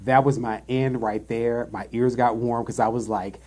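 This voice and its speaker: A lively, sassy man chatting on a live-streamed show, telling stories with plenty of attitude. His voice sits in an ordinary middle pitch. He talks casually and expressively. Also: moderate pace. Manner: animated storyteller, sassy asides. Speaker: podcast co-host. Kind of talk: casual chat.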